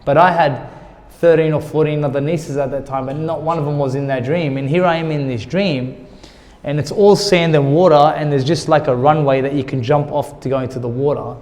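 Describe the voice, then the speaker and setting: A man's voice: a little high, steady tone, fairly quick, darkish tone. A man, a former boxer, telling his life story candidly in an interview, acting out the dialogue of others with emotion. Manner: emotional, retells conversations in quoted dialogue. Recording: long hall reverb.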